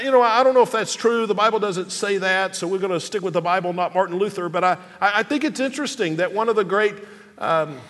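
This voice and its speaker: A man's voice: sits high, fairly bright tone, big-room sound. A man preaching a sermon as a pastor, earnest and emphatic, repeating phrases to stress each word.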